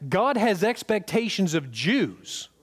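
A man's voice: sits high, big pitch swings, takes it slowly. A man preaching a sermon in a conversational way, often checking in with the congregation and repeating words for emphasis.

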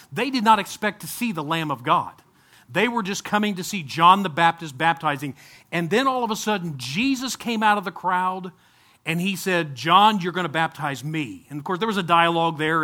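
A man preaching an informal sermon at a baptism service, talking conversationally, with frequent restarts and sudden bursts of excitement. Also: on the high side. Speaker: pastor.

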